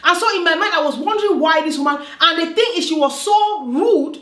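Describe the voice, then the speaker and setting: A woman's voice: very high voice, a little fast, fairly bright tone. A woman from Africa telling a personal story in a vlog, emphatic and repetitive, often checking "do you understand?". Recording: roomy echo.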